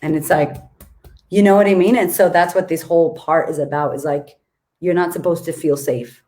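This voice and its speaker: Blunt, swearing woman with a low voice. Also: fairly even intonation, moderate pace, dark tone. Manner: blunt, swears freely, emphatic. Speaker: guest author. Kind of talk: casual chat.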